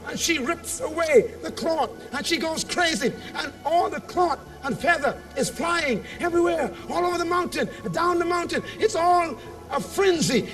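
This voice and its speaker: High-pitched, slow dramatic male speaker. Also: fairly bright tone, distant mic. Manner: dramatic storytelling with call-and-response. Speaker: motivational speaker. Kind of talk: motivational speech to a convention audience. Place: large convention hall.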